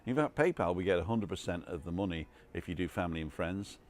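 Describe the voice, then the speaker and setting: A man's voice: low voice, expressive, fast, darkish tone. An older man rambling casually through a live stream from an outdoor bar terrace, reading out comments with many restarts and asides.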